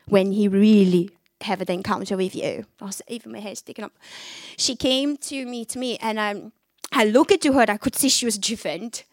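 A woman's voice: medium pitch, no echo, studio quality. A woman from Brazil with a Brazilian accent, her first language Portuguese, giving an earnest, candid personal faith testimony. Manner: earnest, candid storytelling with lively acted-out quotes.

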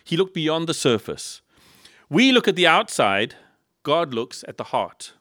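Lively preacher, higher voice. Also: male voice, unhurried, no echo, studio quality. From South Africa. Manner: lively, rhetorical questions and humorous asides. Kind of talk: sermon. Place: church in Liverpool.

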